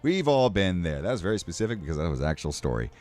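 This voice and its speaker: A man's voice: low-pitched, big pitch swings, quick pace, a little mellow. A man streaming, chatting casually in a rambling, emotional way and swearing now and then. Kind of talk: casual livestream chat.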